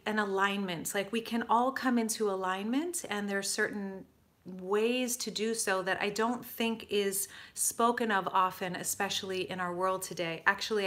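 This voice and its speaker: A young woman talks straight to her viewers in a loose, unscripted livestream chat. She is effusive and gushing, breaking off to greet people by name, and her voice sits at an ordinary middle pitch. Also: sharp tone. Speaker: life coach livestream host.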